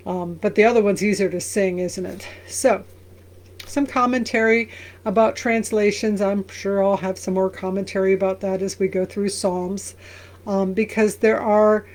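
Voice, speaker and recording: Woman pastor doing a bible reading, slow reading then chatty explaining, sometimes sings a line. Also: mid-range voice. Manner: reads scripture slowly, then explains in a conversational way; briefly sings lines of an old song.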